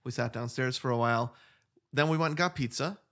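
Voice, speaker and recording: A man's voice: medium pitch, a little fast, a bit bright. A man in his forties co-hosting a podcast, easygoing and jokey as he recaps a visit. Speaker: podcast co-host. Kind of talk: casual chat.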